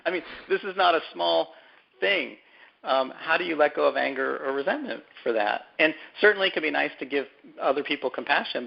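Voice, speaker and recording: A man with a gravelly edge, mid pitch, talking things through slowly as an interview guest. He restarts phrases and repeats words while he thinks. The sound is dull and lo-fi. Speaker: author and guest. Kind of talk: conversational interview.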